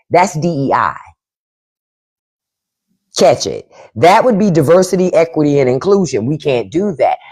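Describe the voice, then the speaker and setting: A woman hosting a casual livestream, talking bluntly and with profanity while answering the chat. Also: fairly low pitch. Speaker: podcast host on a livestream.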